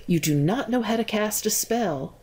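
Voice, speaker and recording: A woman voicing a stern, knowing male black cat in a storybook, speaking low and firm. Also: expressive, normal speed, a little mellow, husky.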